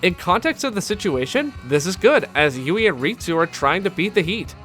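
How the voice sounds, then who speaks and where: A man's voice: high-pitched, big pitch swings, normal speed, pushed and bright, soft background music. A man giving scripted video-essay narration as an anime commentator, enthusiastic and candid with fan asides.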